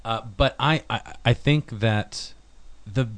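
A man's voice: medium pitch, slow pace, fairly bright tone, no echo. A man co-hosting a casual podcast chat, talking in rambling, hesitant restarts. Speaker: podcast co-host.

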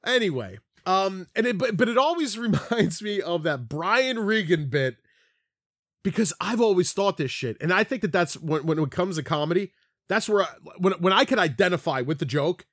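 Casual podcast co-host, male, high-pitched, loose and profane, dry close sound. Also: expressive, normal speed, fairly bright tone, no room sound. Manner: rambling, swears freely, heavy use of "like". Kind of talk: casual chat.

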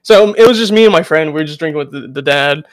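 High-voiced man telling a rambling story. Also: lively intonation, racing, no room sound. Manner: rambling storytelling with restarts and laughs. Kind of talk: casual chat.

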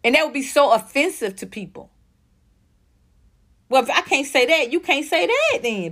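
A young woman ranting profanely as a commentary host, blunt and heated, jumping between fast outbursts and slow stressed words. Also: high-pitched, very animated, a bit bright.

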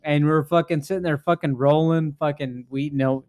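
Give me a young man with a fairly high voice, telling a rambling, profane story in casual chat, recorded dry and close. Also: fairly even intonation, brisk, darkish tone, no room sound. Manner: profane, rambling, laughs often. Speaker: podcast host.

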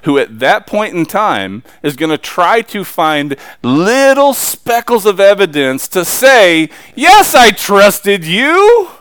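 A man's voice: high voice, big pitch swings, takes it slowly, few pauses, a bit bright, clear, resonant tone, no room sound. A man preaching a sermon, emphatic and pressing the congregation with rhetorical questions.

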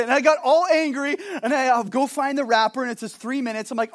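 A man preaching a sermon as pastor, swinging from animated storytelling to hushed, earnest points. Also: very high voice, quick pace, hardly any pauses. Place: Hawaii.

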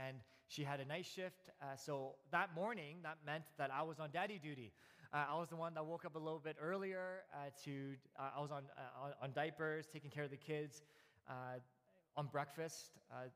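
Man, thirties, pastor, casual storytelling sermon, fillers and restarts, raised pitch, echoing church sanctuary. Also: fairly bright tone. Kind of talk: conversational sermon.

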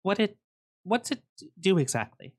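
A man's voice: sing-song, moderate pace, full character voice. A man voicing a nervous, chatty young wife who jokes to ease tension. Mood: curious. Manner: jittery, jokey, high-pitched.

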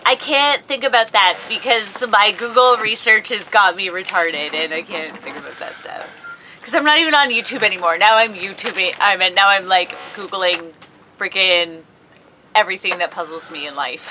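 A woman's voice: mid-range voice, lively intonation, normal speed, bright, forceful tone, a little hiss or hum. A woman co-hosting a casual podcast, talking bluntly and crudely and giggling often. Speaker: podcast co-host. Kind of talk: casual chat.

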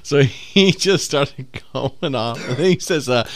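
A male comedian in casual chat, telling stories animatedly and acting out the quotes loudly. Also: mid-range voice, animated, slow pace, heavy background noise.

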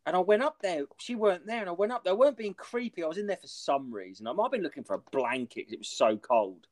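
A man's voice: high voice, lively intonation, fast. A man hosting a podcast, telling a rambling anecdote in casual chat, swearing freely and using lots of "like". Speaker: podcast host.

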